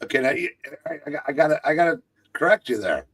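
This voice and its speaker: A man's voice: on the high side, lively intonation, quick pace, fairly bright tone, husky. A man co-hosting a comic book livestream, chatting casually with wry remarks and stammered restarts. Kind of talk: casual chat.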